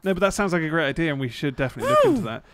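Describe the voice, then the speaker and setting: A man's voice: fairly high pitch, wildly swooping pitch, very fast, background noise. A young adult man streaming a game, chatting in a jokey, teasing way and swearing freely. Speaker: gaming streamer. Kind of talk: casual chat while playing.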